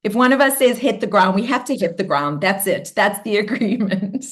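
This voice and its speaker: A woman's voice: medium pitch, expressive, moderate pace. A woman hosting a live online coaching session in an upbeat, bubbly way, acting out cheerful affirmations as she talks. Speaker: workshop host.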